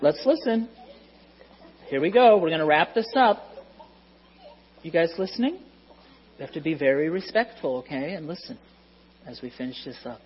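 A children's Bible teacher telling a story to a group of kids in a lively way, asking them questions and hushing them. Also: medium pitch, normal speed, pauses often. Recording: dull lo-fi sound.

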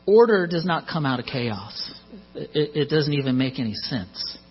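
Husky male preacher, lo-fi hum. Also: on the high side, animated, moderate pace. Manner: conversational, joking asides. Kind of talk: sermon. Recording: muffled lo-fi recording with mains hum.

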